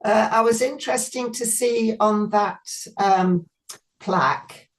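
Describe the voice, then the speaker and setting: A woman's voice: medium pitch, slow. A woman taking part in an online class, asking a thoughtful question over a video call.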